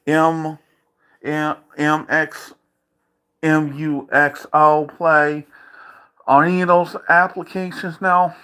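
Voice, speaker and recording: A man vlogging an angry, profane rant from a dark room at home, taunting and repeating himself. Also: on the high side.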